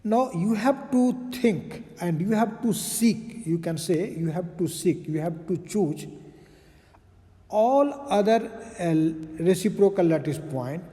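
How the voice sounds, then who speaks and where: A man's voice: sits high, dark tone, in a large hall. A man giving a recorded physics lecture, explaining step by step with frequent fillers and "okay".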